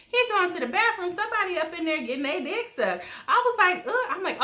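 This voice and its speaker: Profane, animated woman recapping a show. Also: very high voice, quick pace, few pauses, roomy sound. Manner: blunt, profane, animated storytelling with quoted asides. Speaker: TV recap vlogger. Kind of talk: casual episode recap.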